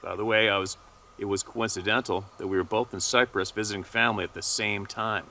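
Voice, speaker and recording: A man with a fairly low voice and a bright, forceful tone reads a submitted first-person account aloud. His delivery is steady, with the odd stumble and quick self-correction. A faint hiss sits behind him. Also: vocal fry. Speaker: channel host reading a listener's story.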